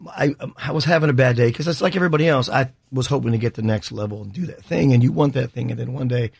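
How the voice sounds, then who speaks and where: A man with a gritty, rough voice that sounds worn from the early morning, telling stories in a casual interview. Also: medium pitch, quick pace, dry recording, clean studio sound. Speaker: musician guest. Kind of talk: live acoustic blues song, then casual interview chat.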